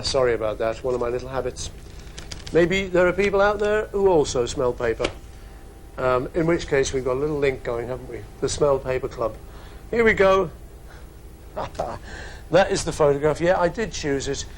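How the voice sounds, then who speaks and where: A man's voice: medium pitch, a little hiss or hum, poor audio. A man in his fifties with a Liverpool accent answers fan questions in a casual studio webcast, chatty and joking with wandering asides. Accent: Liverpool English. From England. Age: 50s.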